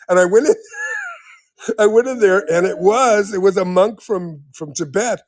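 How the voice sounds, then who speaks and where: A man's voice: high voice, normal speed, no room sound, clean studio sound. Rambling man in his seventies. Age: 70s. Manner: rambling, many restarts, laughs often. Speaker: guest. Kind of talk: casual storytelling in an interview.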